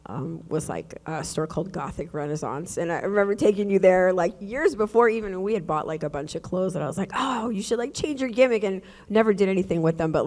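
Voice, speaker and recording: Chatty woman with a lowish voice. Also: darkish tone. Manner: chatty, many "like"s. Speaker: guest. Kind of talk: casual chat on stage.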